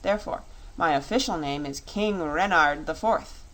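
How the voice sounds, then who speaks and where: A woman's voice: sits low, moderate pace, poor audio. Storybook fox king, vain and pompous, fond of lecturing, read by a woman. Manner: flattering, self-satisfied, lecturing.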